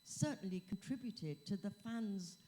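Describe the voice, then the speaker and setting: A woman's voice: mid-range voice, animated, measured pace, dark tone. A woman speaking on a convention panel, thoughtful and a little hesitant. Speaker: convention panel guest, actress. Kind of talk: casual panel talk. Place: convention hall stage.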